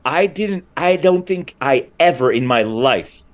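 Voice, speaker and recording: A man's voice: on the high side, lively intonation, measured pace. A man guesting on a podcast, chatting casually and enthusiastically with lots of filler words, his thoughts running on. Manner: rambling, enthusiastic, many "like" fillers. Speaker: guest, writer and comedian.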